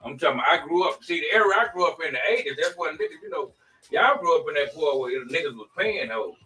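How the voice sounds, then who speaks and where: A man in his forties holds forth in blunt, slang-filled talk. His voice is bright and edged, picked up a little away from the mic. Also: a little high, lively intonation, fast talker, distant mic, rough recording. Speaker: podcast co-host. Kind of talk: casual group chat.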